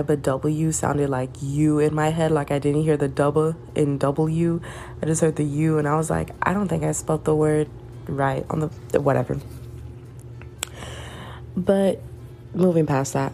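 Casual podcast host, young Southern woman, low-ish mellow voice, rambling and candid. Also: slight background noise. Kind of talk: casual solo chat.

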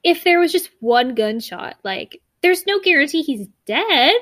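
A young woman chats through a story recap with lots of energy, slipping into quick voices for each character. Her voice sits high and bright, and the recording is close and dry with almost no room sound. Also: no room sound. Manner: animated retelling, acts out characters' lines, laughs often. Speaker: podcast co-host. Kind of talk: casual chat recapping a book.

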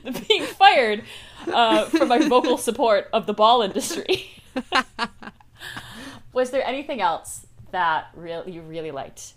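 Lively young woman podcast co-host. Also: fairly high pitch, measured pace, a little hiss or hum. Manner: animated, laughs often, riffs on jokes. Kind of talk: casual chat.

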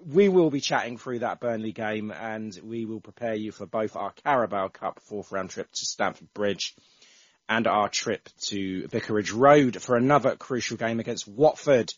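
A man with a lowish voice hosts a casual football podcast, chatting in loose sentences that often stall and restart. The sound is dull and dry, with no room echo at all. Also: normal speed. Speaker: podcast host.

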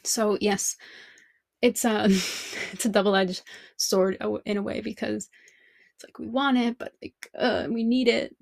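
A woman's voice: medium pitch, steady tone, a little slow, gravelly, long pauses, no echo. A woman language teacher hosting a podcast, thinking aloud in a reflective monologue full of rhetorical questions.

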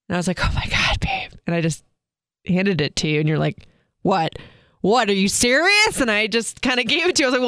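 Candid young woman with a creaky voice. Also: fairly low pitch, dry recording, clean studio sound. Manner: candid, many filler likes, laughs while telling. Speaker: podcast co-host. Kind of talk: personal storytelling on a podcast.

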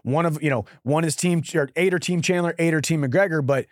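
A man's voice: on the high side, fairly quick, no echo, studio quality. A man in his thirties hosting a casual podcast chat, rambling and restarting his sentences. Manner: chatty, rambling with frequent restarts. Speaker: show host.

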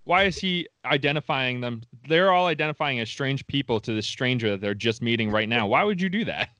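A man's voice: medium pitch, brisk, bright, forceful tone, clear, resonant tone, dry recording. A man co-hosting a podcast in casual chat, reacting with joking disbelief and laughing. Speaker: podcast co-host.

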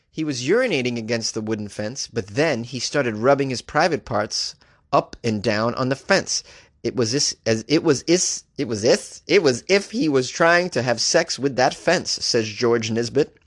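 A man's voice: mid-range voice, animated, moderate pace, no echo, clean studio sound. Joking male comedy podcast host. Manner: joking, laughs at his own gags, acts out quotes in silly voices.

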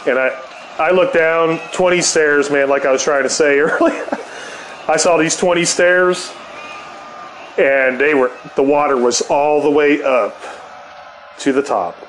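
A man's voice: fairly high pitch, a little slow, pauses often, fairly bright tone, a little hiss or hum, rough recording. A middle-aged man telling a rambling, profane anecdote and laughing often. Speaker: storyteller. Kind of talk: casual anecdote.

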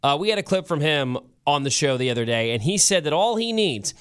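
A man co-hosts a radio show, bantering with a joking, easygoing manner. His voice sits a little high and swings widely in pitch. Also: brisk, clear, resonant tone. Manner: joking, animated. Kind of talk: casual radio chat.

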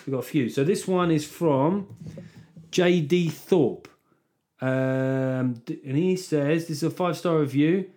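A man's voice: fairly high pitch, a little slow, warm tone. A man hosting his own podcast as a comedian, talking in a rambling, sweary, self-deprecating way. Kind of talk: solo podcast monologue.

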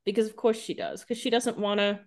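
A woman's voice: mid-range voice, fairly even intonation, fairly quick. A woman co-hosting a podcast, chatting casually and reacting to the episode with comments and laughs. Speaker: podcast co-host. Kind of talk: casual chat.

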